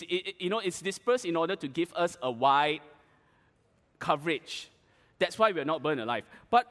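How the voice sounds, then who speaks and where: A man preaching to an audience, telling an animated, dramatic story with playful asides. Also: sits high, long reverb tail. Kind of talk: storytelling sermon.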